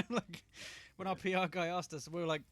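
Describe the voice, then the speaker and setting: Laughing man with a fairly high voice. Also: normal speed, dry recording, faint music behind. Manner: laughs often, animated storytelling. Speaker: podcast co-host. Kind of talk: casual chat.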